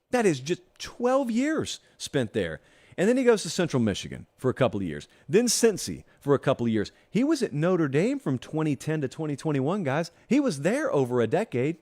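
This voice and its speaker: A man hosting a sports talk show, talking straight to his viewers in an animated, sarcastic monologue. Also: high voice. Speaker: host.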